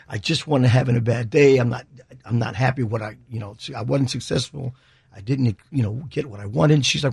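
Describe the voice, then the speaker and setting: Guy, rough gritty morning voice, gravelly, chatting loose and laughing it off. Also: medium pitch, brisk, a little mellow, no room sound, clean studio sound. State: voice worn from early morning. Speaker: musician guest. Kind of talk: live acoustic blues song, then casual interview chat.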